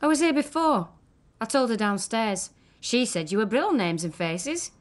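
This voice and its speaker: A woman's voice: on the high side, expressive, normal speed, lightly acted. A woman playing a blunt working-class client. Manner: blunt, chatty, colloquial. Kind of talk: radio drama.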